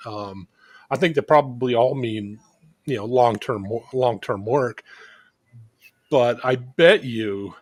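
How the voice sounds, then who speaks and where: A man's voice: medium pitch, breathy edge, no echo. A man hosting a recovery chat, explaining ideas at length while he thinks aloud. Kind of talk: casual recovery group chat.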